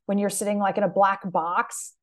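A woman hosts the interview from the coaching side, answering her guest with warm affirmations before posing thoughtful questions. Her pace is steady and conversational. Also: medium pitch, normal speed. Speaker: interview host and media coach.

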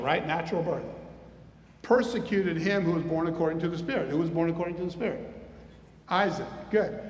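A man preaching a sermon as a pastor, animated and asking his listeners questions as he teaches. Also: fairly high pitch. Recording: echoey hall, reverberant.

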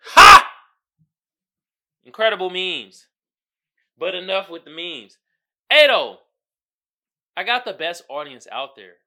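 A man's voice: high voice, sing-song, slow pace, long pauses, bright, forceful tone. A man hosting a podcast in casual comedic chat, laid-back and slangy, laughing often and calling his listeners y'all. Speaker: podcast host.

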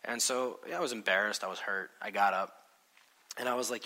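Speaking briskly with a steady, low-leaning voice that sounds pushed and bright, a pastor in his 30s delivers a sermon to his congregation in a church hall. His style is conversational, built on stories with acted-out quotes.

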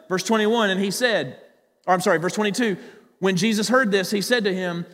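A male pastor preaching a sermon, animated, swinging between loud emphasis and quiet low asides. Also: brisk. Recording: hall with long reverb.

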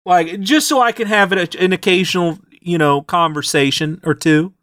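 A man co-hosting a podcast, casually recapping a tabletop game session and acting out the characters' lines in quick, animated asides. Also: high-pitched, dry recording, studio quality. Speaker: podcast co-host.

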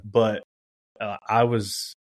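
A man in his thirties from Texas, a ballplayer guest speaking in a relaxed, earnest way. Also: fairly low pitch, takes it slowly. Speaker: professional baseball player guest. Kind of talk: casual interview.

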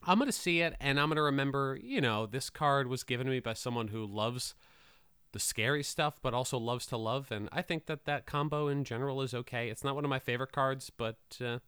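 A man's voice: mid-range voice, fairly quick, sharp tone, smooth, dry recording. A man co-hosting a podcast in casual comedic chat, rambling and self-correcting in a good-natured way into a close mic. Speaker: podcast co-host.

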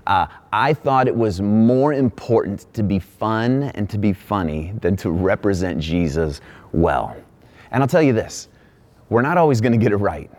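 Man preaching, middle-aged, lively storytelling, self-deprecating, sermon. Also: lowish voice. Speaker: pastor.

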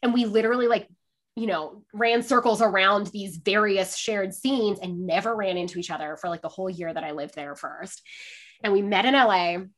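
A young woman telling a story in casual chat, animated, full of "like", often laughing and acting out what people said. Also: medium pitch, normal speed. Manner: animated, acts out quotes, laughs often, says "like" a lot.

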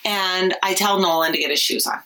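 A woman and mother telling an everyday story in casual chat, lively and laughing often. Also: lowish voice, a little fast, rough recording.

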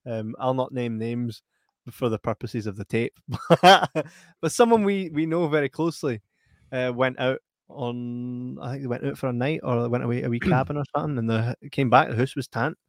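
A Scottish man co-hosting a casual film chat, jokey and quick to laugh. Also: medium pitch, no echo, studio quality. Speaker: podcast co-host.

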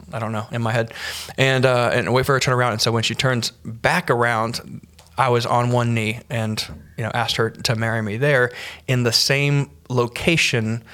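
A man hosting a church podcast, telling a personal story in a casual, halting way with many fillers and restarts. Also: mid-range voice, a bit bright.

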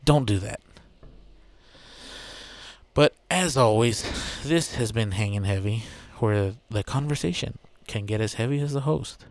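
A man's voice: fairly low pitch, measured pace, no echo. A man hosting his own podcast, chatting casually in a loose, rambling way, swearing freely and joking. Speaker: podcast host. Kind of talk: casual solo podcast chat.

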